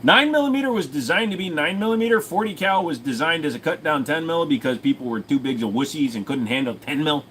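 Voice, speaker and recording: Casual male streamer, brash and profane, rambling with an animated delivery. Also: fairly high pitch, fast talker, few pauses, a little hiss or hum. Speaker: host. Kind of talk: casual livestream chat.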